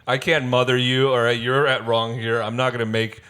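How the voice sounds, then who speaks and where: A man co-hosting a casual podcast, swearing freely and acting out quotes in high put-on voices. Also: flat delivery, brisk, bright, forceful tone, clean tone. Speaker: podcast co-host. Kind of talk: casual chat recapping a reality show.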